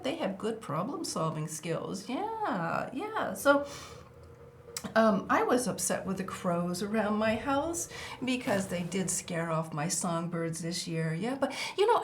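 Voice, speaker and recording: A woman's voice: a little high, a little hiss or hum. An older woman hosting a children's show, chatting playfully with a puppet and the kids and reading them a storybook. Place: indoor TV set.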